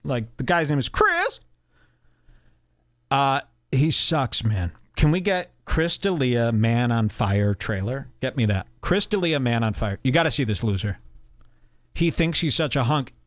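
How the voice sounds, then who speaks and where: A man's voice: mid-range voice, expressive, measured pace, no echo. A man hosting a podcast, ranting casually with a mocking, profane edge. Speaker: podcast host.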